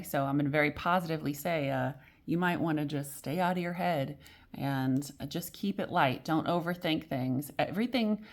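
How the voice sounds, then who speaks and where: A woman giving a casual weekly tarot reading, rambling and correcting herself as she goes, gentle and encouraging, with frequent small laughs. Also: fairly low pitch. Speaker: tarot reader.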